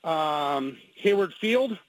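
High-voiced man calling in with tips. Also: expressive, extremely slow, dry recording, low-quality recording. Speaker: caller giving local tips. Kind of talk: casual radio call-in.

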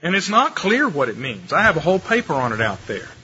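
A man preaching a lecture-style sermon, animated and shifting his pace and pitch for emphasis. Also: quick pace. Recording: muffled live recording with faint room noise.

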